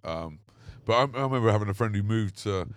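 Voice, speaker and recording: A man with a London English accent, chatting casually and telling animated stories in a park. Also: lowish voice, fast. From England. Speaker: podcast co-host. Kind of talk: casual chat. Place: outdoors in a park.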